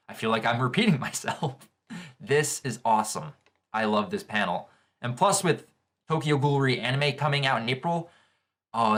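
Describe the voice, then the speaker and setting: A man hosting a casual live reaction to a manga chapter, gushing with excitable exclamations as he reads along. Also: medium pitch. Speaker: manga reaction channel host.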